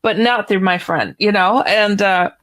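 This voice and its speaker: A woman guest author telling a story on a radio interview, animated and chatty, laughing now and then. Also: mid-range voice, a little slow.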